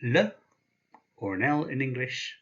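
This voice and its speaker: Man, language teacher, animated pitch, dull lo-fi recording. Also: measured pace. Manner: patient, spells out each sound. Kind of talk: explaining slowly, with pauses.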